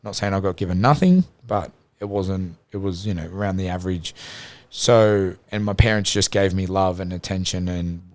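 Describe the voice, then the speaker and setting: A man's voice: deep voice, moderate pace, few pauses, no room sound. A man as a podcast guest, sharing an earnest, reflective story in casual chat.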